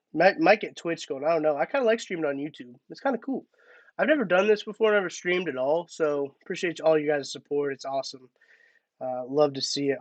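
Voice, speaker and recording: A man's voice: fairly high pitch, dry recording. A man hosting a casual live-stream sports talk, chatty and thinking aloud with restarts. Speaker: podcast host.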